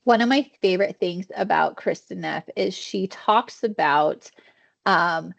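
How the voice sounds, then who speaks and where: A woman's voice: fairly low pitch, measured pace, vocal fry. A woman trainer leading a virtual wellness session, talking in a conversational way and acting out inner thoughts, over a video call. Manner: warm conversational teaching, acts out inner thoughts. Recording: dull lo-fi video call audio.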